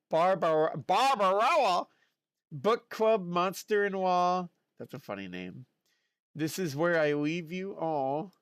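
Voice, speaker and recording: Male streamer, playful and chatty, unhurried, big pitch swings, dry close mic. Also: fairly bright tone, no echo. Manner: playful, chatty, talks to chat and himself. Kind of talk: casual livestream chat.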